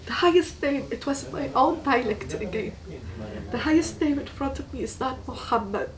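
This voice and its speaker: A woman's voice: high-pitched, animated, distant mic, a crowd in the background, low-quality recording. Earnest woman recorded from afar. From Tunisia. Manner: earnest, halting, repeats words for emphasis. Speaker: guest giving a faith testimony. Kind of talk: personal testimony.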